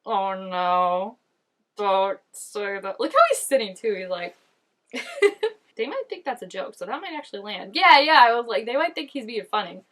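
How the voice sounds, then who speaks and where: Chatty young woman reacting excitedly. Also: a little high, normal speed. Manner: chatty, animated, lots of "like" fillers. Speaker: reaction channel host. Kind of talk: casual reaction commentary.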